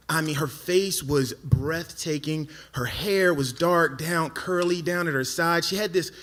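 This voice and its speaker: On a theatre stage, a man tells a funny story about himself live, animated and poking fun at his own expense, stumbling over his words with rapid repeats. His voice sits a little high.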